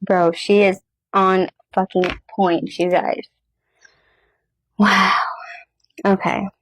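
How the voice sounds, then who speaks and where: A woman hosting a casual tarot reading in a blunt way, swearing freely as she goes. Her delivery stays flat and level. The recording is dry and close. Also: mid-range voice, drawn-out words, no echo. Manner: blunt, swears freely, reads lists aloud. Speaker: host, tarot reader. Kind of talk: casual chat.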